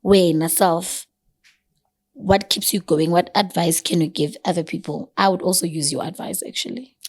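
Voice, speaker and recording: A woman's voice: fairly low pitch, fairly even intonation, normal speed, a little mellow. A woman with a South African accent hosting a podcast, asking questions in an encouraging, casual way and mixing in Zulu phrases. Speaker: podcast host. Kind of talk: casual interview.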